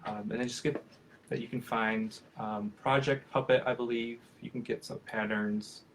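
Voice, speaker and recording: This professional puppeteer, a man in his thirties, fields puppetry questions via video call at normal speed, his middle-pitched voice fairly even in intonation. It feels like an unprepared, informal live chat: friendly and loose, peppered with fillers and restarted sentences. There's slight background noise.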